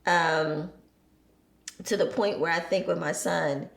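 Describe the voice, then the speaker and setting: A woman's voice: on the low side, slow pace, creaky, reverberant. A woman in her forties chatting on a podcast, telling stories with laughter and acting out her children's voices. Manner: lively storyteller, acts out her children's voices, laughs often. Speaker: podcast guest. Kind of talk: casual chat.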